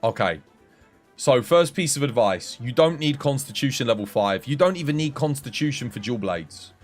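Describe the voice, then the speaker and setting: A man with an English accent, chatting casually on a game livestream and coaching viewers in a relaxed, friendly way. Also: medium pitch, moderate pace, soft background music. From England. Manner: relaxed, chatty, addresses chat as mate.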